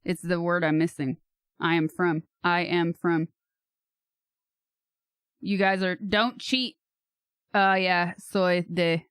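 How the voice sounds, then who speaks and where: Woman streamer, slow-paced, smooth clear voice, hesitant, laughs at herself, dry close mic. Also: on the low side, steady tone, fairly bright tone, no room sound. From California. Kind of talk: casual livestream chat.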